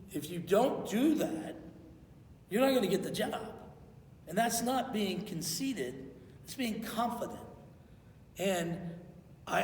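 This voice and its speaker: A man's voice: a little high, a little mellow, distant mic, slight background noise. A man preaching a conversational sermon as pastor in a church, acting out quotes as he goes. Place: church sanctuary. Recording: echoey hall, voice from afar.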